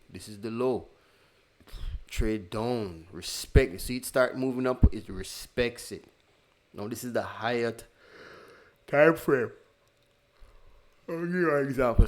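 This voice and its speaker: A low-voiced man walks through a trading lesson at an unhurried pace. He talks loosely, repeats key points and often stops to correct himself. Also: darkish tone. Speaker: trading instructor. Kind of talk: casual screen-share lesson.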